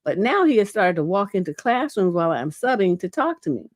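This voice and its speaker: Reading out viewer questions on her livestream, a middle-aged relationship coach answers bluntly and casually, dropping frequent "you know"s and coughing lingeringly. Her medium-pitched voice swings widely in pitch at a brisk pace, captured dry in a clean studio.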